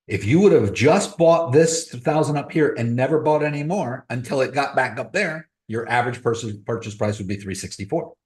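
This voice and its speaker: A man hosts a live crypto webinar, talking in a blunt and motivational way at a mid-range pitch. He drifts into stories about his own life. His voice rings off an echoey room. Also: lively intonation, normal speed, few pauses, a little mellow. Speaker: host of a crypto trading webinar. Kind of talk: casual live-stream talk. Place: room on a video call.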